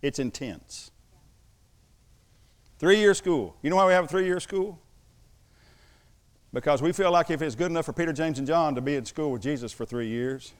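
A male pastor preaching to his church with a somewhat high voice. He drives his points home with emphasis and slips in joking asides between them. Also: brisk. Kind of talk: sermon.

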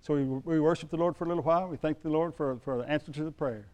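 A middle-aged man preaching a sermon, telling a personal story in a folksy way that swings from loud to hushed. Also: a little high, quick pace. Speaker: pastor.

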